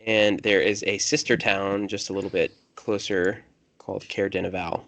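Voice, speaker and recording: A man's voice: deep voice, level tone, moderate pace, vocal fry, a bit bright, no echo. A man running a tabletop game as game master, talking casually and correcting himself as he goes.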